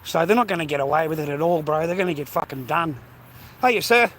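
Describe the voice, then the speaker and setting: A man's voice: a little high, fast talker, a little hiss or hum. A man with an Australian accent, vlogging outdoors while walking, talking in a rambling, profane, slangy way and sounding slightly out of breath. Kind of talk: casual walking vlog rant. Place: outdoors on foot.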